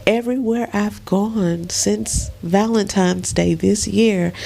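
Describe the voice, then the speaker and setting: A middle-aged woman lying in bed in a dark bedroom, talking slowly and emotionally in a soft, often half-whispered voice. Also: medium pitch, fairly even intonation, gravelly. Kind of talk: casual personal vlog.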